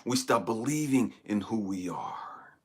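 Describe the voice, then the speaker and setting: Husky, animated man telling a testimony. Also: lowish voice, unhurried. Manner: dramatic storytelling, swinging from hushed whispers to near-shouts. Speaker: spiritual channel host. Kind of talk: personal testimony and motivational talk.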